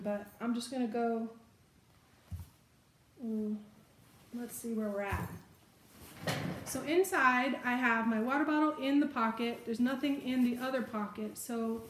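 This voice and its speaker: A woman with a slightly high voice talks her way through packing a bag, chatty and thinking aloud as she goes. The room sounds roomy and echoey, with a faint hiss behind her. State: has the hiccups. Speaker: vlogger. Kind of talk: casual show-and-tell.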